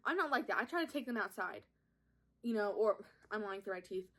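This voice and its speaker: A woman's voice: a little high, expressive, fairly quick, a bit bright. Chatty giggly young woman vlogging. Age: young adult. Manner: chatty, giggly, self-mocking storytelling. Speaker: podcast host. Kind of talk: casual makeup vlog chat. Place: at home, at a makeup mirror. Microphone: phone camera propped up.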